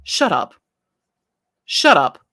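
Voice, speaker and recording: A woman's voice: drawn-out words, bright, forceful tone. Woman doing a smug, prickly young man. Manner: curt and smug.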